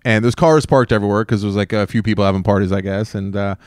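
A man's voice: fairly low pitch, fast, dry recording. A man from the Los Angeles area, hosting a podcast and telling a story in casual chat, full of fillers like "like" and "uh". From Los Angeles area, California. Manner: animated storyteller with many fillers. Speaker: podcast host.

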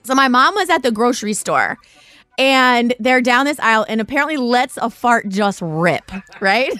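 A middle-aged woman hosting a podcast, telling stories in casual chat on a live stream, animated and laughing often as she acts out quotes. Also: on the high side, moderate pace, clear, resonant tone, soft background music. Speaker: podcast host.

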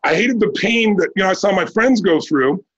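A man in his sixties from Southern California talks as a guest on a podcast, with a husky, raspy voice that sits high for a man. He tells his story with energy and bursts into the voices of the people he quotes. The recording sounds a little dull and muffled. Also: moderate pace. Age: 60s. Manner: animated, acts out quoted dialogue in a raised voice.

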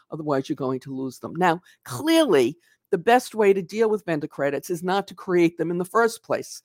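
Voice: medium pitch, expressive, normal speed, darkish tone, no echo, studio quality. A channel host giving an unscripted accounts payable lesson, talking emphatically and conversationally, often checking in with "okay?" and stressing points with a punchy "poof". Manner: dramatizes losses with "poof". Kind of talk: unscripted explanatory video lesson.

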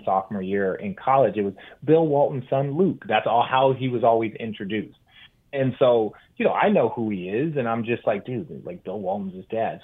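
A man in his forties, a former basketball player, telling stories as an animated podcast guest, with restarts. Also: lowish voice. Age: 40s. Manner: animated storyteller, with restarts and acted-out quotes. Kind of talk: casual storytelling chat. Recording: tinny phone-like line.

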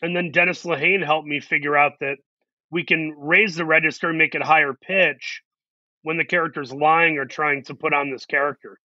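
A man's voice: on the high side, fairly even intonation, normal speed, pushed and bright, dry recording, dull audio. A man talking in a casual interview, earnest and reflective, working through his ideas in long, run-on thoughts. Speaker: actor, guest.

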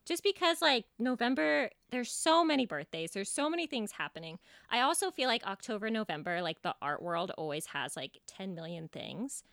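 A woman's voice: medium pitch, very animated, normal speed, vocal fry, few pauses, fairly bright tone, no room sound. Chatty podcast lady, bouncy voice going all over, dry sound, says like a lot. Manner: playful, chatty, lots of "like". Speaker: podcast co-host. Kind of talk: casual chat.

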